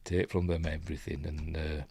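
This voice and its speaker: Speaking in a rumbling low, husky, mellow voice at a normal speed and level tone, a Yorkshire-accented movie reviewer rambles casually through a film scene by scene. He keeps stopping to find his place and quotes dialogue in put-on voices. The sound is clean studio quality with no echo.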